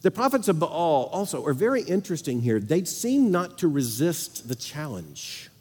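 A man preaching a sermon with strong emphasis, repeating phrases and swinging between loud declarations and quiet asides. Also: fairly high pitch, very animated, normal speed, breathy edge, long reverb tail.

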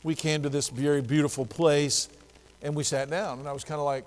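A male pastor preaching a sermon, telling a story lively and acting out the dialogue. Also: mid-range voice, brisk, big-room sound.

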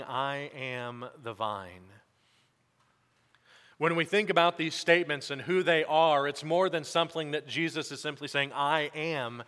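A male pastor giving church announcements and then a sermon, halting with fillers at first and then preaching emphatically. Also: a little high, sharp tone. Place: church sanctuary. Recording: long church reverb.

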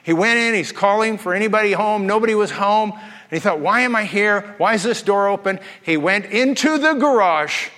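A man preaching a sermon as pastor, telling stories with lively asides and humor. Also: high voice, moderate pace, long reverb tail. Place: church.

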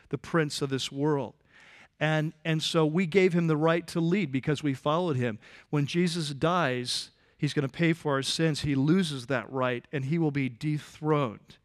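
A man preaches from the front of a church, his voice sitting a little high for a man. He talks to the room in a relaxed, conversational way, stopping to restart a phrase or throw a quick remark at someone in the front row. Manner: conversational and animated, with restarts and asides to the congregation. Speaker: pastor. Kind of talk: sermon.

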